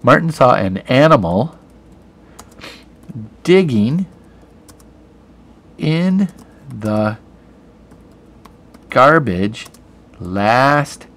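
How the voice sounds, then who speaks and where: A man teaching an online grammar lesson, patiently explaining each step while he types. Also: lowish voice. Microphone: computer camera mic.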